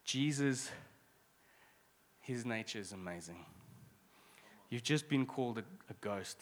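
A man preaching a sermon as pastor, conversational with quick asides and restarts. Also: mid-range voice, animated, long reverb tail.

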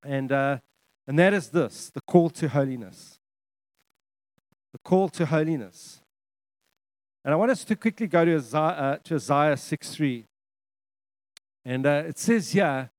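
Middle-aged male pastor, slightly high voice, dry close sound, preaching with emphatic repetition and frequent restarts. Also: unhurried, pauses often, darkish tone, no room sound. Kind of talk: sermon.

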